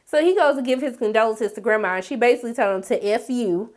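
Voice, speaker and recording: Sassy, animated woman recapping a show. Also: a little high, fast talker. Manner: sassy, dramatic, talks straight to viewers with repeated "okay?". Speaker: TV recap host.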